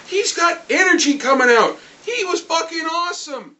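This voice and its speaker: High, bright-voiced man ranting. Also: normal speed, slight background noise, rough recording. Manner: excitable, swears often. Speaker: comic book fan vlogger. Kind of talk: angry review rant.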